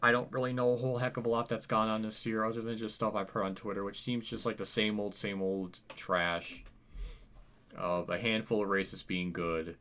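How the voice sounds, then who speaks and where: A man's voice: lowish voice, fairly even intonation, fast talker, hardly any pauses, fairly bright tone. A tired young man giving a casual channel update, rambling and hesitant with lots of fillers, sounding weary and apathetic. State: tired, yawning. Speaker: channel host.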